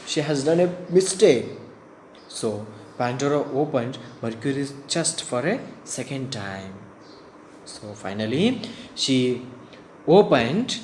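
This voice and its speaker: A man with an Indian English accent, an English teacher who reads a story aloud and explains it to students in a slow, halting way, with fillers and throat clearing. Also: medium pitch. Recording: echoey room, faint background hum.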